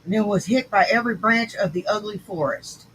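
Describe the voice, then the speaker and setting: A woman's voice: medium pitch, fairly quick, a bit bright, a little hiss or hum, poor audio. A woman hosting a livestream, reacting to clips with scornful, insulting commentary. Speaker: stream host reacting to clips.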